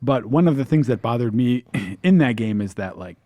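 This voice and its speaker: A man's voice: mid-range voice, lively intonation, moderate pace, dark tone, no room sound. A man co-hosting a podcast panel in casual chat. He rambles and hedges with many fillers. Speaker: podcast co-host.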